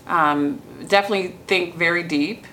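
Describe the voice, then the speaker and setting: A woman co-hosting a podcast in casual chat, an animated storyteller who acts out the voices she quotes. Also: fairly low pitch, moderate pace, slight background noise, low-quality recording. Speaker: podcast co-host.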